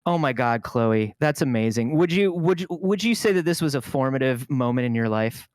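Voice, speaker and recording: A man's voice: medium pitch, animated, moderate pace, a little mellow, dry recording. A man hosting a casual comedy podcast, joking and teasing his guests. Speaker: podcast host.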